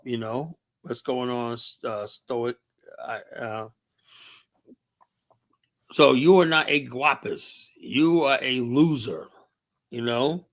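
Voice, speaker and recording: A middle-aged American man running a livestream. He rambles in a casual way, full of fillers, restarts and swearing. His voice sits at a medium pitch for a man. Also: a bit bright. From United States. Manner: loose, rambling, heavy filler words and profanity. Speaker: livestream host.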